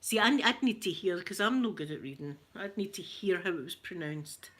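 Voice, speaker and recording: A Scottish woman with a rough voice, chatting casually and laughing as she tells stories to viewers on a live stream. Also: fairly low pitch, animated, moderate pace, fairly bright tone. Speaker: livestream host chatting with viewers.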